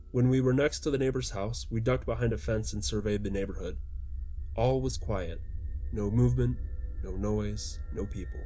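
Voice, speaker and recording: A man's voice: lowish voice, fairly even intonation, normal speed, dark tone. A man reading his own story aloud as audiobook narration, with mild voices for the quoted lines.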